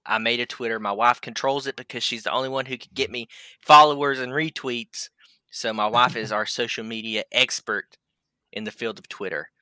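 A man's voice: mid-range voice, steady tone, fairly quick, pushed and bright, clear, resonant tone, no echo. A man co-hosting a casual podcast, joking and swearing freely. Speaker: podcast co-host.

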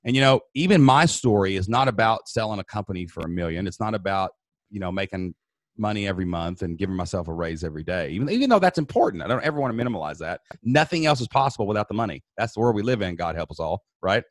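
Low-voiced man in his thirties, earnest storyteller on a podcast mic, dry close sound. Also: sing-song, fast talker, no echo. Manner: earnest, builds intensity while retelling. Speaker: podcast guest. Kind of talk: emotional personal storytelling.

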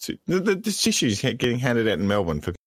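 A man's voice: mid-range voice, wildly swooping pitch, fast talker. A man co-hosting a podcast in casual chat, teasing and swearing. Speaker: podcast co-host.

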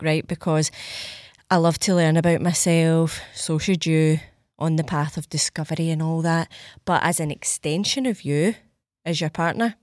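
A woman's voice: low voice, a little mellow, no room sound, clean studio sound. A young Scottish woman hosting a podcast, chatting casually, swearing freely and acting out little scenes. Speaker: podcast host. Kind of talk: casual solo podcast chat.

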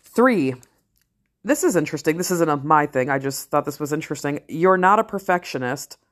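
A middle-aged woman talking straight to camera in a casual vlog, blunt and candid, swearing freely and slowing down to stress key phrases. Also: low voice, lively intonation. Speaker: vlogger, parent and ER worker. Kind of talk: casual talking-head commentary.

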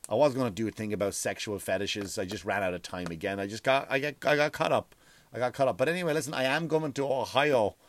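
A man's voice: mid-range voice, no echo. A man, a comedian hosting his own show, delivering a heated, profane solo rant with lots of repeated words. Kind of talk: ranting solo monologue.

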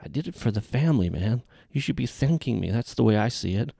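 A man's voice: mid-range voice, lively intonation, quick pace, creaky, warm tone, husky, no echo, clean studio sound, pitched above the performer's own voice. A man voicing a jumpy, defensive young rifleman who pleads to justify himself. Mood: urgent murmur.

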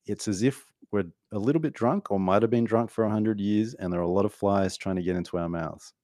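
An Australian man in his forties, an author guest on a podcast, talking in an animated, playful way. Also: fairly low pitch, a little fast, no echo, studio quality. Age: 40s. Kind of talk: podcast conversation.

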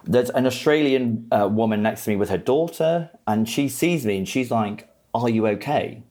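A man's voice: mid-range voice, moderate pace, a little mellow. A young man in casual chat, telling a travel story with lots of swearing, laughter and stammered restarts.

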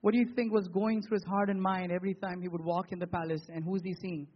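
High-voiced husky male preacher. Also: little pitch movement, highs cut off. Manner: preaching with rhetorical questions and emphatic pauses. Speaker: pastor. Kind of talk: sermon.

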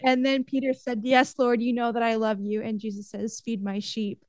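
Young woman, slightly high voice, effusive, emotional, dry close sound. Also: little pitch movement, moderate pace, no room sound. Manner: emotional, effusive, easily moved. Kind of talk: casual chat.

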